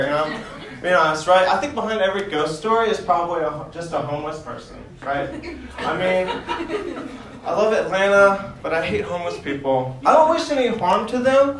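A man's voice: high-pitched, expressive, moderate pace, reverberant, distant mic, a crowd in the background, low-quality recording. A man doing a rambling stand-up comedy set in a club, laughing at his own jokes and dropping crude asides. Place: comedy club in front of a crowd.

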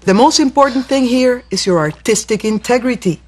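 A warm-hearted teacher in a sitcom, calming an upset student with firm, steady advice. Her voice sits a little high for a woman. A teasing streak shows through. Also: a little fast, slightly rough. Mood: reassuring. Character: caring, wry female teacher, middle-aged. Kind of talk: sitcom acting.

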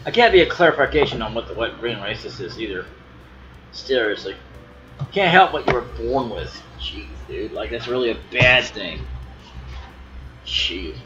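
A man's voice: mid-range voice, lively intonation, moderate pace, long pauses, sharp tone. A young man giving offhand, rambling commentary while playing a video game. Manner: rambling, offhand, mumbling asides. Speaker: let's play gamer. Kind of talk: casual gameplay commentary. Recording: dull lo-fi with game music.

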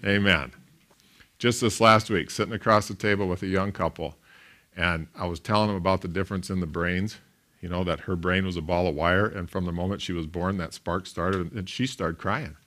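A man, a pastor, preaching a sermon in an animated storytelling way, with big swings in loudness. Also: sits low, moderate pace.

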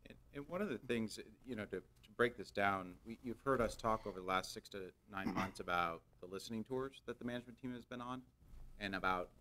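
This is a company executive speaking to his board. He is a man with a fairly low voice, and he talks earnestly, doubling words and pausing on "uh" as he builds his points. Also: background noise. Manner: earnest, repeats words, hesitant fillers. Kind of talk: formal business remarks.

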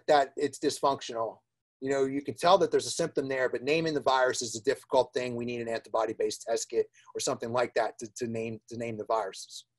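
A man giving an informal webinar lecture on plant problems, chatty, with many fillers, repeated words and laughing asides. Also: medium pitch. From New Jersey. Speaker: plant diagnostics lab director giving a webinar.

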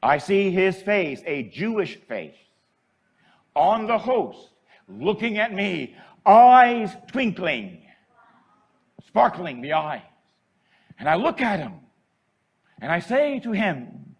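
High, lively preaching priest. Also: male voice, takes it slowly, pauses often, breathy edge. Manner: emotional, swings from hushed to shouting. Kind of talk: sermon.

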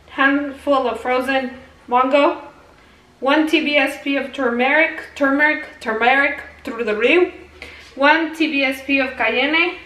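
A young woman talks her way through a recipe in her home kitchen, chatty and laughing at herself, tossing in Spanish words. Her voice sits high and bright. The camera is set back from her, so the room sounds echoey. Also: distant mic. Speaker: vlogger. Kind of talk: casual cooking vlog chat. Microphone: camera on tripod.

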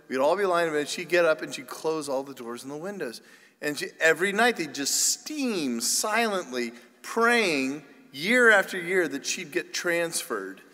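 Priest, man, higher voice, humorous sermon storyteller, reverberant church. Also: sharp tone. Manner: chatty and self-deprecating, with many restarts. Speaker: priest giving a parish mission talk.

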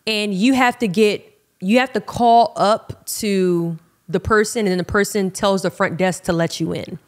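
A young woman hosting a podcast, telling a personal story in a frank, animated, casual way and calling her listeners y'all. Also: mid-range voice, unhurried. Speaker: podcast host.

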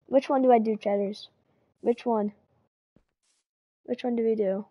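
A woman's voice: fairly high pitch, steady tone, a little slow, breathy edge, lo-fi sound. Chatty streamer woman with a cold. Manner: chatty, repeats herself, greets chat. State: slight cold. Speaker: game streamer. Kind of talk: casual live-stream chat.

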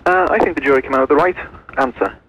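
A man from Wallasey with a Merseyside accent calling a radio phone-in, speaking in a plain, halting way. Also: on the high side, fairly bright tone. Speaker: caller. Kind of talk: phone-in call. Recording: muffled phone-in line.

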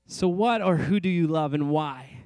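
A man's voice: on the high side, normal speed, darkish tone, no room sound. A middle-aged man preaching a sermon in a church, earnest and conversational with light self-deprecating asides. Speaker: pastor. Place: church sanctuary.

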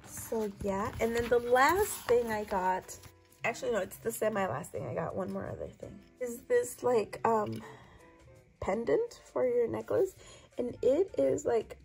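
A woman with a hoarse voice from a lingering cough, gushing chattily over her thrift haul in a casual vlog. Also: on the high side, low-quality recording. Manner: gushing, chatty, lots of "so pretty".

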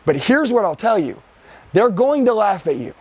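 High-pitched guy coaching a sales team, pushy, keeps asking the room questions, speeds up then slows way down. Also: big pitch swings, husky, no room sound. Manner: forceful, fires rhetorical questions at the audience. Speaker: sales trainer. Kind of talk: live sales training to a team.

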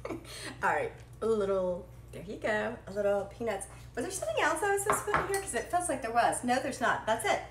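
A woman's voice: a little high, lively intonation, a little fast, background noise. A woman hosting a live cooking stream from her home kitchen, chatty, bubbly and self-deprecating. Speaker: cooking show host. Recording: echoey kitchen with faint clatter.

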